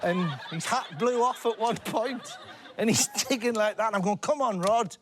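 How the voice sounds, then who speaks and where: Over a loud crowd in a TV studio, an English panel-show guest tells a rambling comic story at a moderate pace. His voice sits high, and he's animated, laughing through his words.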